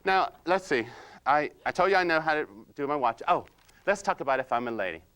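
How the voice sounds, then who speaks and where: A man playing a quiet, precise, nerdy analyzer-type husband in comedic role-play, slow and hesitant with many ums and "you see?". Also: on the high side, lively intonation, smooth. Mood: deadpan nerdy. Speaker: personality-styles trainer.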